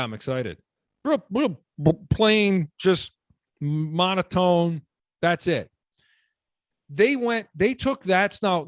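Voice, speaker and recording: A man's voice: on the high side, no echo. A man hosting sports talk radio, ranting with heat and repeating words as he gets worked up.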